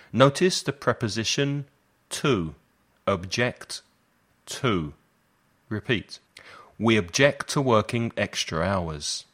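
Slow, deliberate male teacher. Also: mid-range voice, a bit bright. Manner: slow, deliberate repetition for learners. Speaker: English teacher. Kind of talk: slow language lesson drills.

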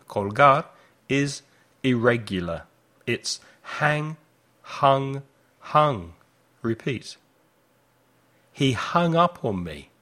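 A man leads a repeat-after-me lesson, sounding out each phrase with care. His delivery is slow, and his pitch swings widely to show the class how each line should sound. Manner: clear, deliberate modelling of phrases with lively intonation. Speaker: English teacher.

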